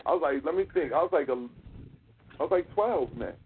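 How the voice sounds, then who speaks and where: A man's voice: fairly high pitch, expressive, fast talker, noisy background. A man in casual storytelling chat, with a loose, profane, laughing manner. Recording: tinny phone-like audio.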